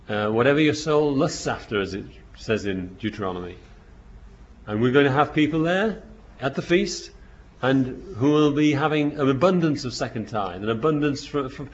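A man preaching a sermon, reading scripture verses aloud and then explaining them, with frequent restarts and bursts of emphasis. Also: medium pitch. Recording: dull lo-fi recording.

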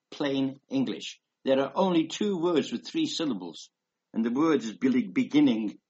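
A man with a mid-range, breathy-edged voice delivers a rambling, emphatic sermon in a conversational style, reading scripture aloud between asides. The preacher's audio is dull and lo-fi.

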